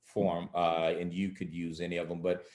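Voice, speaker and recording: A man explains coaching methods in a calm, measured way and voices example phrases along the way. His voice sits low. The recording has a roomy echo. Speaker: coaching expert guest. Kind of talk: instructional interview talk.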